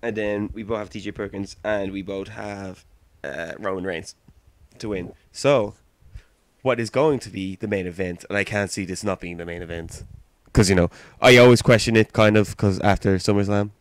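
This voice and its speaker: A man's voice: on the low side, moderate pace, no echo. A British man co-hosting a podcast in casual chat, playful and teasing. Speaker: podcast co-host.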